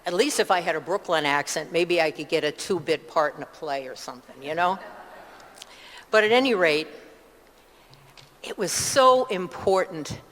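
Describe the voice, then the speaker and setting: A woman's voice: fairly low pitch, expressive, normal speed, long pauses, a bit bright, in a large hall. An older woman from upstate New York with that region's accent, giving a chatty, digressive personal testimony in church with many asides. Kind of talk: personal testimony, rambling storytelling.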